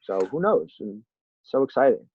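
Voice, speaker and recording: A man's voice: mid-range voice, sing-song, normal speed, husky, no echo. A man as a podcast guest in casual interview chat, a rambling, self-deprecating storyteller who acts out quotes. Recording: tinny phone-line sound, dry.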